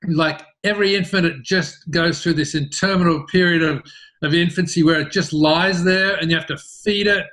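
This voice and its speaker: Storytelling middle-aged Australian man, high-pitched. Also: moderate pace. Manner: animated, repeats words when starting sentences. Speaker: interview guest, business founder. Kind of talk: storytelling in a casual interview.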